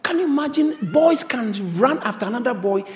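A man's voice: very high voice, lively intonation, brisk. A man preaching a sermon as pastor, emphatic and repeating phrases for stress. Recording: reverberant hall.

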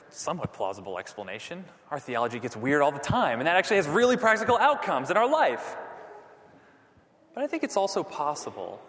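A man preaching a sermon as pastor, animated, dropping to near whispers for emphasis. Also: on the high side, in a large hall.

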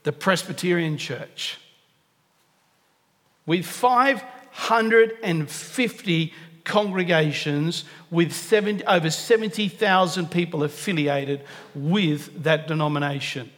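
A man's voice: fairly high pitch, takes it slowly, a bit bright. A man preaching a sermon, earnest and emphatic, repeating key phrases for stress. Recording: long reverb of a large hall.

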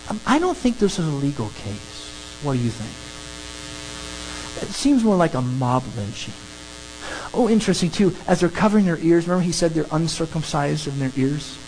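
A preacher giving an animated, emphatic sermon that works through a scripture passage. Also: medium pitch, moderate pace, slight background noise, rough recording. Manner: animated, emphatic, acts out crowd scenes.

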